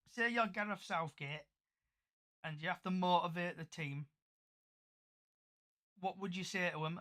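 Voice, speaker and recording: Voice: medium pitch, pushed and bright. Teasing podcast host. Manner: teasing, leading the round. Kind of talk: casual chat.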